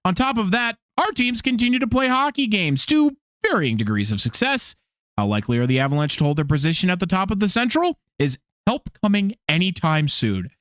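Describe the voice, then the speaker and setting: A male podcast co-host chatting loosely and goofily, his pitch leaping up and down as he gets excited. He swears and trips over his own sentences. The sound is dry and close to the mic. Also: fairly quick, dry recording. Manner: goofy, animated, swearing, trailing off into restarts. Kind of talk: casual podcast chat.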